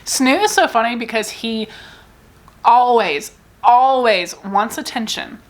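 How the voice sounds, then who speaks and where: A woman's voice: fairly high pitch, expressive, slow pace. Chatty rambling woman book vlogger. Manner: chatty, rambling, self-deprecating. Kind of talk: casual rambling chat.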